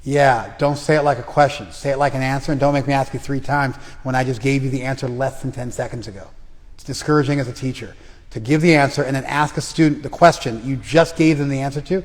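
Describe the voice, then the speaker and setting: A Bhagavad Gita teacher leads a scripture class, quizzing students by name and teasing them bluntly when they hesitate. His mid-range voice is steady and fast, and the reverberant room gives a long reverb.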